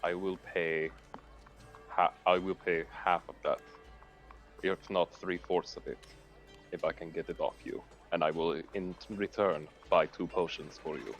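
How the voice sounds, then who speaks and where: A man voicing a big male warrior who bargains slowly and deliberately in a deep, low voice. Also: steady tone, soft background music. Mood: bargaining.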